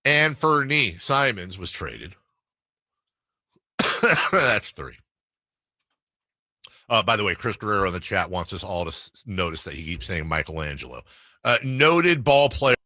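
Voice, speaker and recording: A man's voice: low-pitched, very animated, a little slow, long pauses, bright, forceful tone, dry recording, clean studio sound. A man hosting a casual sports talk radio show, riffing and laughing often.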